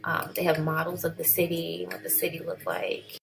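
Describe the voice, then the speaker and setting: A woman's voice: low-pitched, sing-song, moderate pace, vocal fry, faint music behind, poor audio. A woman chatting casually in a vlog, rambling and correcting herself as she reads through things. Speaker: vlogger.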